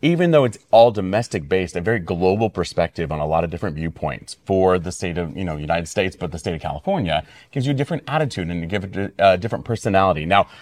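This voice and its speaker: A man's voice: deep voice, animated, fast talker, hardly any pauses, a little mellow. A man hosting an interview, asking long, rambling questions and praising his guest effusively. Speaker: podcast host, interviewer. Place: venue hall.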